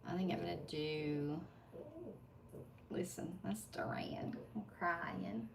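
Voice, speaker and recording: A woman with a strong Appalachian drawl chats with her livestream viewers while working on nail art at her home desk. Her voice has a gravelly fry and a chatty, laughing manner. The mic sits some distance away, with a faint hiss underneath. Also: fairly low pitch, fairly even intonation, takes it slowly. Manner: chatty, laughing asides, talks to viewers while doing nails. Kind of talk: casual chat while working.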